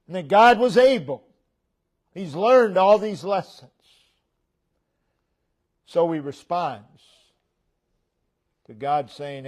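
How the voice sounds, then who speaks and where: An expressive pastor preaches slowly and with deliberation in a church sanctuary. During the sermon his voice climbs for emphasis and sinks low and gentle as each phrase closes.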